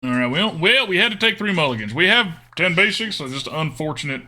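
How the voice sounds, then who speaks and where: Male streamer, slightly high, very bright tone, chatty game commentary in a mock drawl. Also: lively intonation, fairly quick. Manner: chatty, talks to chat viewers; jokingly put-on twangy drawl.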